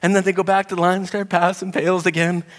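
A man preaching a sermon, telling a story in an animated way and getting higher and livelier as he gets excited. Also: quick pace. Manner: animated storyteller, rising pitch when excited. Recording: long hall reverb.

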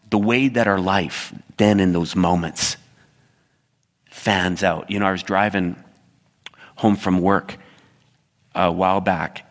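A man preaching with a lowish voice, mixing story and pointed asides to the people in front of him. His words ring out with a long reverb from a church hall. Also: breathy edge. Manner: storytelling, animated asides to congregation. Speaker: pastor. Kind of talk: sermon.

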